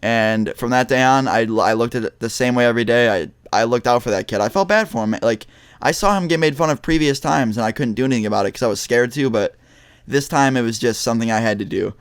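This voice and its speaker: A man's voice: medium pitch, fast talker, smooth, no echo. Young male vlogger, blunt and profane storyteller, mid-range voice, dry close mic. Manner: blunt, heavy swearing, many restarts. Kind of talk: casual storytelling to camera.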